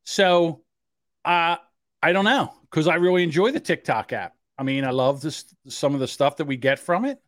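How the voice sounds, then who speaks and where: A man's voice: on the high side, moderate pace, a bit bright, no echo, clean studio sound. A man co-hosting a casual podcast, joking, laughing often and slipping into mocking voices. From Irish. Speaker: podcast co-host.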